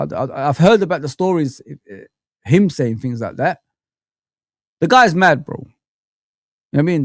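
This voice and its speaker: A man's voice: mid-range voice, vocal fry, darkish tone, no room sound, clean studio sound. A man hosting a live football fan stream, chatting with viewers and ranting animatedly. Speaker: football fan channel host.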